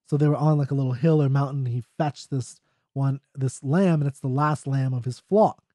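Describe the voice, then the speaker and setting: A man's voice: mid-range voice, normal speed, warm tone, no room sound, clean studio sound. A man explaining a poem in a casual lecture, loose and jokey, checking in with "right?" as he goes. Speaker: literature teacher.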